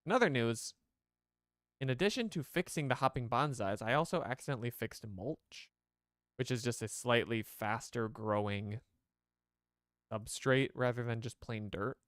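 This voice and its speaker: Man, game streamer, smooth clear voice, chatty rambling commentary. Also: medium pitch, moderate pace, a bit bright, no echo, clean studio sound. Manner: rambling, chatty, talks to chat.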